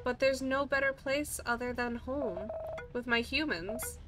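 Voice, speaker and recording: An earnest, devoted dog, voiced by a woman reading a game aloud, speaking slowly and sincerely in a higher voice. A steady hiss sits under the recording. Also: far from the mic. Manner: earnest, longing. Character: loyal, gentle dead pet dog.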